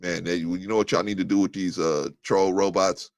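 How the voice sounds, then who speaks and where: A man hosts a live call-in talk show, reading out viewer comments and answering them in a blunt, combative way. His voice sits low, and it climbs sharply when he gets heated. The sound is dry and close, with no room echo. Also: steady tone, normal speed, a little mellow. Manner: restarts and fillers, thinking aloud. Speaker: livestream show host.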